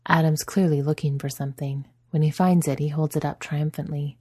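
A woman narrating a story in a soft, even storytelling manner. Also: sits low, fairly quick, husky. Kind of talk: audiobook narration.

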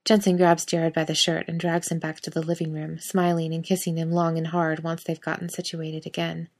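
A woman narrating a story aloud in a steady audiobook reading. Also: low voice, fairly quick.

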